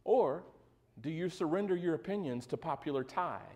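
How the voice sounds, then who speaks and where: High-voiced man preaching a sermon. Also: animated, normal speed, a little mellow, highs cut off. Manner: conversational preaching, asks the congregation for replies; joking asides. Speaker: pastor.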